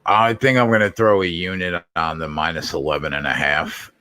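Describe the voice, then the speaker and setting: A man's voice: low voice, steady tone, moderate pace, pushed and bright, dry recording, studio quality. A man hosting a casual sports betting chat, blunt and swearing casually. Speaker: show host.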